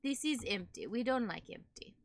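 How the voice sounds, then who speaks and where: A woman's voice: on the high side, animated, moderate pace, gravelly, no echo, clean studio sound. A woman streamer putting on a broken-English character with a mock German accent, dropping her articles in clipped phrases. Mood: deadpan playful. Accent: put-on German. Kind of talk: playful put-on voice while streaming.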